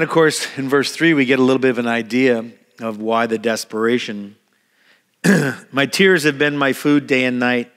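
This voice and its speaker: Speaking as pastor in a church hall with a long reverb, a man with a mid-range, fairly bright voice preaches a sermon. His style is conversational; he repeats words as he restarts and acts out quoted prayers.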